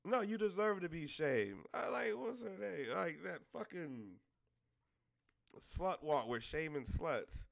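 A man's voice: high-pitched, very animated, slow, vocal fry. A man delivering a blunt, exasperated, profane rant straight to his audience. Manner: blunt, exasperated, heavy swearing.

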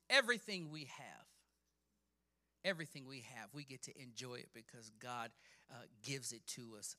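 A man preaching a sermon, reading scripture with dramatic emphasis and building from quiet passages to shouting. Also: on the high side. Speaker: pastor.

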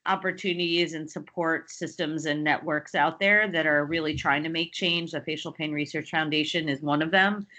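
A woman who works as a social worker, speaking as a podcast guest in casual chat, halting with many restarts and fillers. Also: sits low, steady tone, sharp tone.

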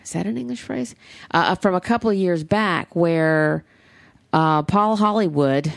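A woman's voice: on the low side, slow pace, clean tone, no echo. An American woman hosting a podcast, rambling and chatty in casual talk, swearing freely. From United States. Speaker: podcast host.

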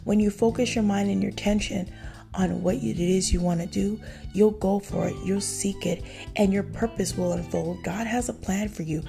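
A woman's voice: medium pitch, steady tone, moderate pace, vocal fry, warm tone, faint music behind. A woman hosting her podcast, giving upbeat, faith-filled encouragement to listeners. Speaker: podcast host. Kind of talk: upbeat motivational podcast talk.

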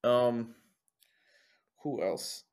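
A young man, a lead singer, chatting casually as an interview guest, an animated storyteller who swears often and acts out what people said. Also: mid-range voice, drawn-out words, clean tone. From New Jersey.

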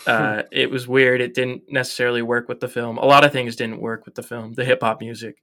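Young male co-host, bright edgy voice, animated and jokey, casual chat. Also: medium pitch, a little fast. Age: young adult. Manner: animated, joking, lots of fillers. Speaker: podcast co-host. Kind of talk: casual film review chat.

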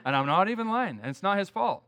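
A man's voice: high-pitched, very animated, fast, pushed and bright. Folksy plain-spoken preacher man. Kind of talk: conversational sermon.

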